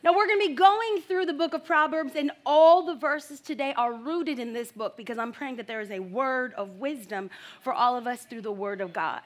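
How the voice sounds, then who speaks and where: A young adult woman delivers a sermon with a high, bright voice. She tells her stories in an animated way and breaks into loud, excited shouts, then comes back down to teach from scripture. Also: moderate pace. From United States. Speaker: preacher.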